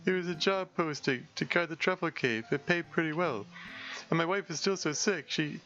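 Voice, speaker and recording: A man voicing a timid, gentle male monster who guards a cave and apologizes over and over, in a meek, pleading voice. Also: a little high, moderate pace, highs cut off, faint music behind, voice pushed up. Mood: apologetic.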